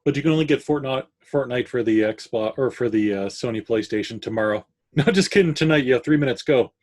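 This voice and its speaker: A man's voice: medium pitch, quick pace, a little mellow. A man from Canada co-hosting a casual gaming podcast, cracking jokes and playful asides. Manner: joking, playful, makes silly noises. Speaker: podcast co-host. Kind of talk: casual chat.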